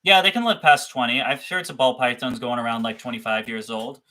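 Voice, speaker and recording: A man's voice: mid-range voice, fairly quick, sharp tone. A young man chatting casually on a livestream about his reptiles, rambling, swearing freely and laughing at himself. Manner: rambling, profane, self-deprecating. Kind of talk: casual live-stream chat.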